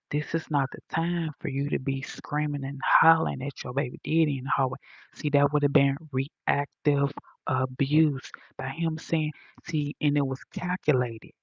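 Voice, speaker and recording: A woman's voice: sits low, creaky, breathy edge, dry recording, lo-fi sound. A woman telling her own story in a casual vlog, blunt and profane, acting out what others said. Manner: animated, profane, blunt retelling with quoted voices.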